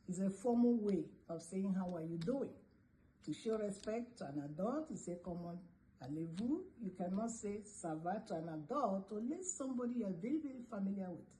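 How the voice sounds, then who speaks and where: A woman who is a French teacher giving a greetings lesson, repeating phrases slowly for learners and sometimes singing short lines. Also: fairly high pitch, a little mellow, a little hiss or hum, poor audio.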